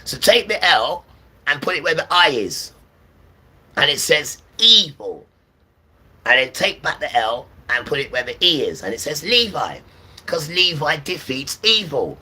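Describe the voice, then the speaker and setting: Man preaching on a stream, bright voice, sounds a bit far from the mic w/ faint background hum. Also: on the high side, sing-song, moderate pace. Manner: preachy, repeats "right?" to viewers. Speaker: livestreamer. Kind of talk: ranting livestream monologue.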